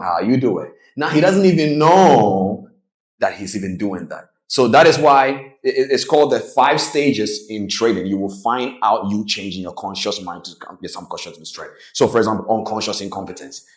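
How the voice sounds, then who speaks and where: A man coaching traders in a motivational presentation, telling stories with lively delivery and acting out the people in them. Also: on the low side, normal speed, reverberant, rough recording. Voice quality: animated storytelling, acts out quoted voices. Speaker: trading coach.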